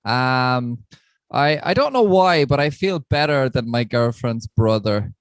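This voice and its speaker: A man's voice: mid-range voice, animated, measured pace, smooth, dry recording. A man performing a rambling, self-deprecating stand-up set on a live stream, chuckling between jokes. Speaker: stand-up comedian.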